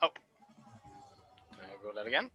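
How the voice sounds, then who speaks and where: Bright, animated male game master. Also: lowish voice, moderate pace, slight background noise, rough recording. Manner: lively, animated narration with bursts of laughter. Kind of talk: narrating a tabletop game.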